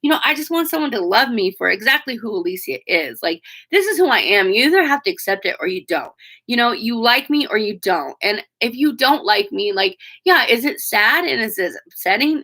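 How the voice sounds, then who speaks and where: A woman in her forties with a bright, forceful voice talks straight to her viewers in a live stream. She is candid and emotional, with plenty of fillers and a few swear words along the way. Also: fairly high pitch, big pitch swings, fairly quick. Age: 40s. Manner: frank, emotional and chatty, with frequent fillers and swearing. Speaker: vlogger talking to viewers.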